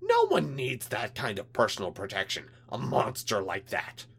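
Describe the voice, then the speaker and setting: A man's voice: huge pitch swings, normal speed, gravelly, breathy edge, full character voice. A man voicing a cold, threatening insectoid alien official in a read-aloud story. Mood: menacing. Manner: clipped, menacing, louder and higher.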